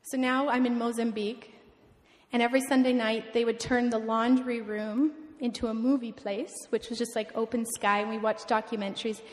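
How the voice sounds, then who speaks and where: A woman in her twenties shares a missionary testimony with a church audience, telling it with energy and acting out each person in the story. Her voice sits a little high and carries a long reverb through a large hall. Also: normal speed. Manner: animated storytelling, acts out the people she quotes. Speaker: missionary speaker.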